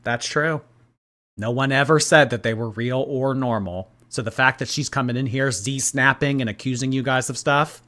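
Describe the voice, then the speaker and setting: A man's voice: mid-range voice, normal speed, pushed and bright. A man hosting a casual livestream, reading and answering viewer chat in a gossipy way and laughing often.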